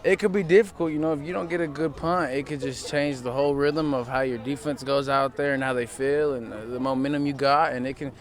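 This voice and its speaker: A teenage high school football player answering questions in a relaxed way, rambling with lots of fillers, outdoors at a field. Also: male voice, brisk, hardly any pauses. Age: teens. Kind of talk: casual interview.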